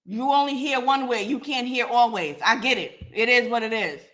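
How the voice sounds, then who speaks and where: A woman's voice: a little high, normal speed, a bit bright. Blunt, profane woman podcast host. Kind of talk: live podcast rant.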